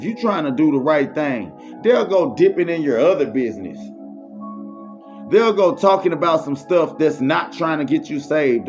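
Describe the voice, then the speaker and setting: A man giving a faith-based motivational monologue, repetitive and preachy, full of street slang. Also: on the high side. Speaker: motivational speaker. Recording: muffled lo-fi recording.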